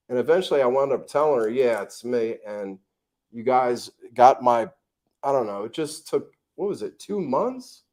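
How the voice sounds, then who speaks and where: Plain-spoken American host for a casual vlog chat, blunt and profane, mid-range pitch. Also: male voice, normal speed. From United States. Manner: blunt, swears freely, animated storyteller. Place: home in the tropics.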